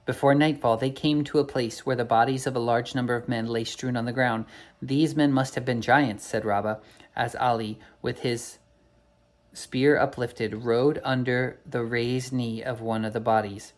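Guy reading a folk tale out loud, bit rough, corrects himself. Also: mid-range voice, little pitch movement, normal speed. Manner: unpolished reading with slips and self-corrections. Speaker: storyteller. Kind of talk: storybook read-aloud.

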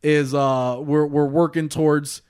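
Young male podcast co-host, high voice, rambling and profane, gossipy casual chat. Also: level tone, unhurried, a little mellow, clean tone. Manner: rambling, heavy use of "like", swears and laughs often.

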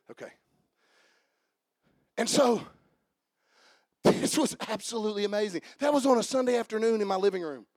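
Man, pastor, high-pitched voice, fiery sermon delivery, repeats lines for emphasis, close dry sound. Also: no echo. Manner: storytelling, swings from quiet asides to fervent shouting.

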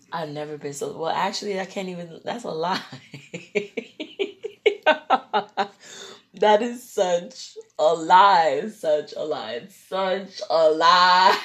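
A woman telling a personal story in an animated, rambling way, acting out the people in it and repeating herself. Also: low voice. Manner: animated, acts out the voices of people in her story; rambling, repeats and restarts phrases.

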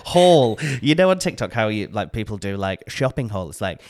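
Man, podcast co-host, teasing and jokey, very lively intonation. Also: fairly low pitch, a little slow. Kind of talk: casual chat.

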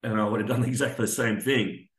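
Speaking fast in a mid-range voice with fairly even intonation, a veteran guest on a podcast shares a candid, raw personal story. He swears a lot and acts out the dialogue, and the recording has a roomy echo.

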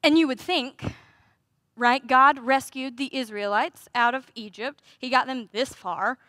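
A woman delivers a sermon in a high, bright voice. She talks conversationally, with rhetorical questions and lively asides. The sound is close and dry. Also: measured pace, no room sound. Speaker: preacher.

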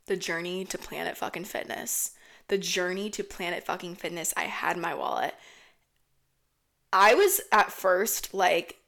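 A woman's voice: fairly low pitch, a little slow, gravelly. A young woman hosting a podcast, telling a story in a casual, rambling, profanity-laced way. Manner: profane, rambling, animated retelling. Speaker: podcast host.

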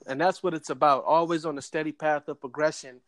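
A man's voice: on the high side, fairly quick, no echo. Motivational man with casual slang. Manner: motivational, relaxed slang, calls listeners man and bro. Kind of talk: casual chat.

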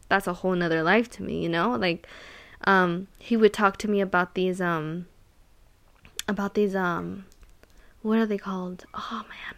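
A woman's voice: medium pitch, creaky, fairly bright tone. A woman in a loose, candid storytelling flow, leaning on "like" and "um" as she circles her point. She stresses things by repeating words, with an everyday mid-range voice. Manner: rambling, heavy use of "like" and "um". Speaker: solo podcaster or vlogger. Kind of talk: casual personal storytelling.

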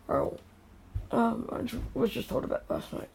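Angry gravelly older woman ranting. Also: on the high side, wildly swooping pitch, slow, background noise. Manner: angry, scolding, emotional. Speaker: grandmother vlogger. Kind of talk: angry direct-to-camera rant. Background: quiet house at night.

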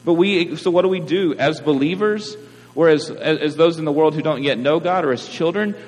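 Pastor preaching in a reverberant hall. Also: male voice, on the high side, a little fast, darkish tone. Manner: conversational preaching with frequent "right?" asides. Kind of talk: sermon. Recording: reverberant hall, mains hum.

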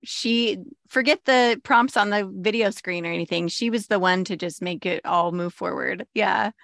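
A woman's voice: medium pitch, moderate pace, creaky, fairly bright tone, dry recording, studio quality. A woman hosting a podcast interview, laughing often and offering encouraging responses. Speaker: podcast host. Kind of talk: casual interview chat.

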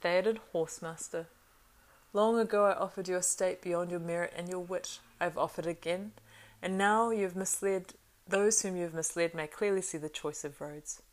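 A woman's voice: lowish voice, fairly even intonation, normal speed, lightly acted. A woman voicing a proud, silver-tongued old male wizard in an audiobook reading, lofty and coaxing in manner. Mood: haughty. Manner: coaxing and lofty, turning hissing and scornful.

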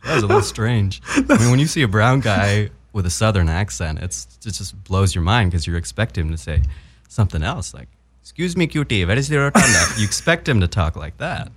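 A man's voice: lowish voice, sing-song, fairly quick. A man from Southwest Virginia, a former doctor turned actor, telling stories in a laid-back, good-humored way as a podcast guest. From Southwest Virginia, United States. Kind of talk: casual interview chat.

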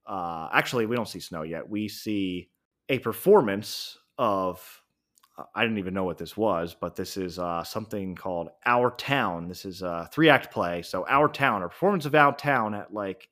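Recapping a series finale on his solo podcast review, a male host speaks in a lowish, fairly bright voice. He's casual and thinks aloud, with frequent ums and self-corrections.

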